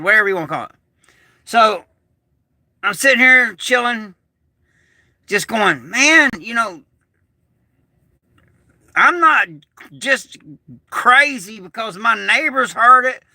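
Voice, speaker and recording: A man telling a rambling, excitable story on a casual livestream, swearing and restarting often. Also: high-pitched, no echo. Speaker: prepper vlogger. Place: small shed turned bunker.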